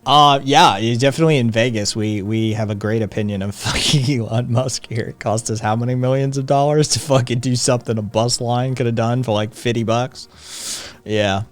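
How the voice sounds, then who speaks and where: A man's voice: mid-range voice, fairly even intonation, a little fast. A man hosting a live stream in casual chat, loose and profane, often laughing. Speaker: streamer host.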